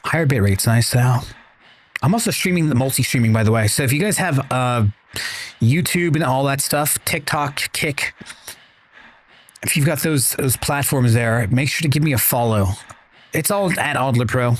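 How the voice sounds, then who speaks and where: Slight background noise sits under a man's mid-range voice as he streams a video game at a moderate pace. He talks casually to his viewers, rambling on and cursing freely.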